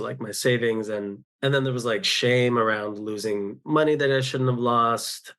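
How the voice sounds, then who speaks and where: A man, a podcast guest, talking candidly about his own life in a rambling way, with frequent restarts and quoted thoughts, recorded at home. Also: mid-range voice. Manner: open, rambling, with many restarts and self-quotes. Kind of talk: candid personal storytelling.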